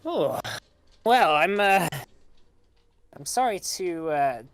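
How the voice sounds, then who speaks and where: A man putting on a high, sing-song old hag. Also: expressive, slow pace, a bit bright, no echo, heavily acted. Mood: mock-polite. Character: scheming old female hag, mock-polite.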